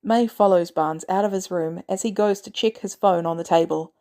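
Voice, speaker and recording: A woman reading a fan story aloud as a podfic narrator, in a measured, even storytelling manner. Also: on the low side. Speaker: podfic reader.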